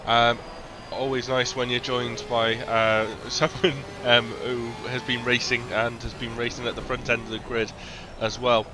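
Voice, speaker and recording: A man commentating a sim racing stream in a relaxed, chatty way, with lots of ums and restarts. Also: mid-range voice, measured pace, hardly any pauses. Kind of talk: casual live-stream commentary. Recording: noticeable background noise.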